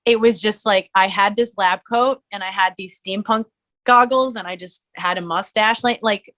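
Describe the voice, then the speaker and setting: A young adult woman talks casually as a podcast guest. Her speech rambles through filler words at an everyday pitch, and she laughs easily. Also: steady tone, normal speed, fairly bright tone. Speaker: guest, musician and streamer.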